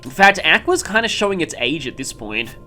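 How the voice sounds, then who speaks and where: A man's voice: on the high side, sing-song, fairly quick, sharp tone, soft background music. A man giving casual gameplay commentary, rambling along with frequent ums and stopping to correct himself mid-sentence. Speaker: let's play commentator.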